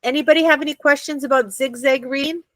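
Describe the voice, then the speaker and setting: A woman's voice: high-pitched, fairly even intonation, fast, fairly bright tone, no room sound. Upbeat American woman teaching a class. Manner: patient, checks understanding often. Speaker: Hebrew teacher.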